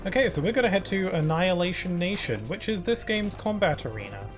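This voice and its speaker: A man's voice: high-pitched, very animated, quick pace. A young man giving casual, rambling commentary while playing a game on stream, talking into a desk microphone. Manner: rambling, easygoing, many fillers. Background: game music.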